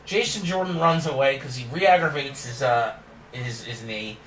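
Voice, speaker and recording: A man's voice: mid-range voice, moderate pace, fairly bright tone, echoey room, recorded from a distance, a little hiss or hum, low-quality recording. A man hosting a casual wrestling recap, opinionated and ranting with frequent laughs. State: yawning and tired.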